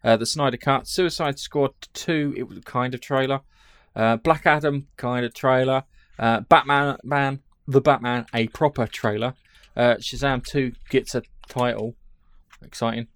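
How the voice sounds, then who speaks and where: A man's voice: medium pitch, fairly even intonation, measured pace, a bit bright, clean tone, no echo, clean studio sound. A man hosting a podcast, chatting casually in a jokey, rambling way and swearing now and then. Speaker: podcast host. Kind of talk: casual chat.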